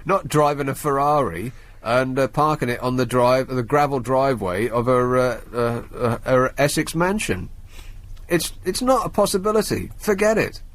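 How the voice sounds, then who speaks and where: A man's voice: mid-range voice, normal speed. A man hosting a radio phone-in in a studio, talking casually in a sardonic, mocking way. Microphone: studio microphone.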